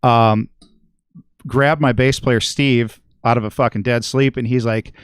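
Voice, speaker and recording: This guest musician and podcast regular, a middle-aged man, speaks in a smooth, steady, mid-range voice at an unhurried pace. His long story wanders, and he swears constantly, captured in a studio-quality recording with no echo.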